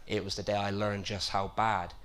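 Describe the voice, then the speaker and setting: A man with a Bristol accent doing a stand-up comedy set, with a deadpan, self-mocking delivery and quick asides. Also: fairly low pitch. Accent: Bristol English. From Bristol, England. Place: comedy club stage.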